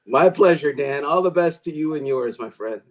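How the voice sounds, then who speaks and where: High-voiced man telling jokey sports stories. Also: normal speed, poor audio. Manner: animated storyteller with jokey analogies. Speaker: football writer guest. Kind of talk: casual sports chat.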